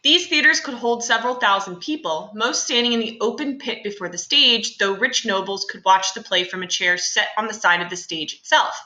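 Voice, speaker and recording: A woman's voice: mid-range voice, brisk, few pauses, bright, forceful tone, roomy sound, low-quality recording. A young adult woman teacher talking through a class lesson in a chatty, casual way with many fillers and asides.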